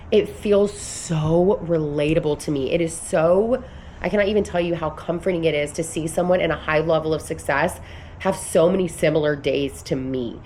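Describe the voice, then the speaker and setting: Woman in her thirties, casual vlog coach, earnest and rambling, slightly low pitch, faint room hiss behind. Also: fairly quick, a little mellow. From United States. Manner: earnest, emphatic, rambling with restarts. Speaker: vlogger and business coach. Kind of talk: casual motivational vlog talk.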